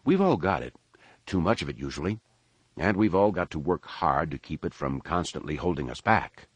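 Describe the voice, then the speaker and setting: A man doing a calm, wise old master. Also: low voice, normal speed, slightly rough, no echo, highs cut off, heavily acted. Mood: grave. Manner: calm, sincere, gently warning. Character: calm, wise middle-aged male master and uncle.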